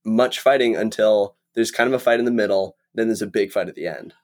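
A man on a podcast, calmly and matter-of-factly weighing in on a film in casual chat. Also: fairly low pitch, brisk.

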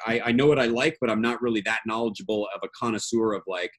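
A man's voice: mid-range voice, fairly bright tone. A man in his forties, a regular panelist, talking casually in a rambling, self-deprecating way with many fillers. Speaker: regular panelist on movies and music. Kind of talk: casual chat.

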